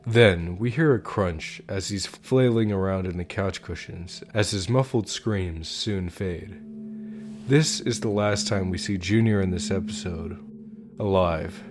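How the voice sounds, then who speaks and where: Deep-voiced man narrating a horror story. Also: measured pace. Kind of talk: scripted creepypasta narration. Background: background music.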